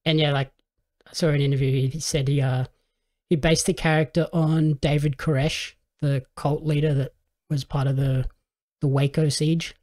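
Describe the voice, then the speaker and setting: A man's voice: a little high, flat delivery, moderate pace, a little mellow. A man hosting a casual podcast chat about films and shows, easygoing and quoting his own reactions. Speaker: podcast host.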